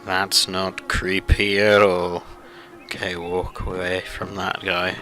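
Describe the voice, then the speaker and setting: A man's voice: low voice, level tone, slow, sharp tone, low-quality recording. A man hosting a let's play, rambling through casual gameplay commentary with lots of fillers and self-deprecating asides.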